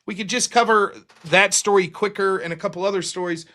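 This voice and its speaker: A man's voice: high voice, a little fast. A man hosting a live stream, telling a story in a casual, profane monologue and acting out the other people's lines in a raised voice. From United States. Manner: profane, animated, acts out quotes in raised voices.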